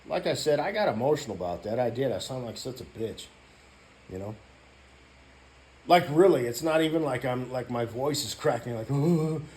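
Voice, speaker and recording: A man ranting in a casual vlog, rambling and profane, filling every gap with "you know" and now and then breaking into loud shouting. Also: medium pitch, expressive, normal speed. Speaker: YouTuber.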